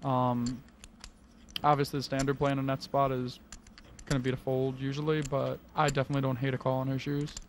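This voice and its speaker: Gravelly male poker analyst. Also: mid-range voice, flat delivery, slight background noise. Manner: analytical, measured, with filler "um"s. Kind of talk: expert color commentary.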